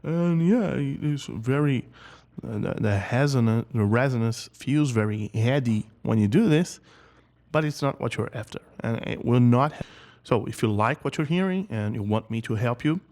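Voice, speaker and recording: A man's voice: mid-range voice, normal speed, a little mellow. A man teaching singing in a casual video lesson, often repeating words as he talks, and now and then singing short example notes.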